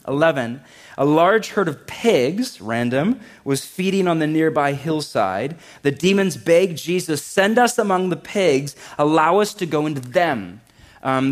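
Here a medium-pitched male pastor gives a casual, conversational sermon before a live church audience, joking along the way and saying "like" often.

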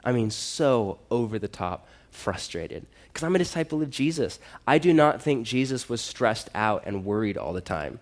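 Male pastor, sermon delivery, candid and conversational, swells into urgent appeals; mid-pitched voice. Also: lively intonation, moderate pace, hardly any pauses. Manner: earnest, conversational preaching with rising emphatic exhortations.

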